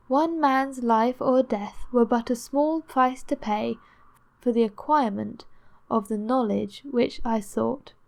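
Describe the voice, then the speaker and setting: A woman narrating a classic novel as an audiobook in a measured, steady reading. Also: fairly high pitch, gravelly. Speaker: audiobook reader.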